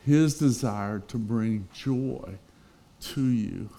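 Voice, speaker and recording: A middle-aged man preaching a sermon as pastor, telling a personal story with swings between loud emphasis and quiet, intense moments. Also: mid-range voice, very slow, vocal fry.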